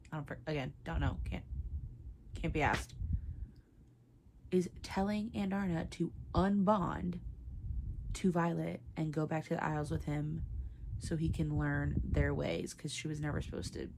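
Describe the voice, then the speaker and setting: A woman's voice: low voice, a little slow, creaky, pauses often, noisy background. A young woman reacting emotionally and tearfully while reading, exclaiming and muttering to herself as she recaps the story. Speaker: book vlogger. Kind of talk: casual reading vlog reactions.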